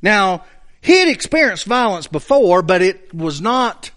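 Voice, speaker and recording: A man preaching a sermon, teaching through scripture verse by verse with emphatic, drawn-out stresses when he reads verses aloud. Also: high voice, big pitch swings, fairly bright tone. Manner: slow, emphatic Bible teaching with rising bursts of emphasis.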